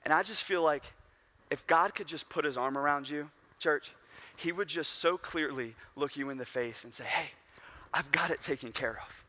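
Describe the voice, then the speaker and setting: Bright-voiced young preacher man. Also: fairly high pitch, moderate pace. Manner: casual, storytelling, conversational asides. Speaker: pastor. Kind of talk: sermon.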